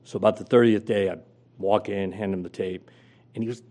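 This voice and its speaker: A man's voice: lowish voice, steady tone, fairly quick, mellow. A middle-aged man telling a career story as an interview guest, acting out quotes with big jumps in his voice. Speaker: guest, former sports radio host.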